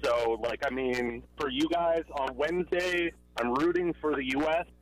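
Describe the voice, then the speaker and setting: A man's voice: on the high side, moderate pace, dry recording, low-quality recording. A man from Canada calling a sports radio show, earnest and emotional. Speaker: caller. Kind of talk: phone-in call. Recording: radio call-in line.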